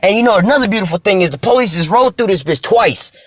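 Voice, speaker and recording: A man's voice: sits high, lively intonation, fast talker, fairly bright tone, no room sound, studio quality. A man ranting casually in a vlog, preachy and profane, ending nearly every line with "man". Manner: profane and repetitive, tags lines with "man"; preachy, scripture-quoting. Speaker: vlogger reading articles aloud. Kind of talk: casual spoken rant.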